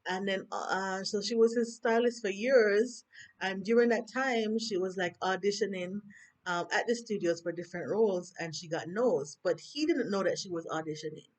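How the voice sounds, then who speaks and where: A woman's voice: mid-range voice, normal speed. A woman with a Jamaican accent reviews a TV episode in a casual chat, talking animatedly with swooping emphasis and lots of rhetorical questions, recorded on a handheld phone. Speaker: TV review vlogger.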